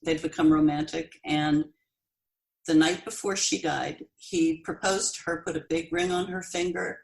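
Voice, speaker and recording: A woman in her sixties, a podcast guest telling a personal story in an earnest, halting way with pauses and restarts. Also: low voice, fairly even intonation, vocal fry, poor audio. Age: 60s. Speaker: podcast guest, bereaved mother.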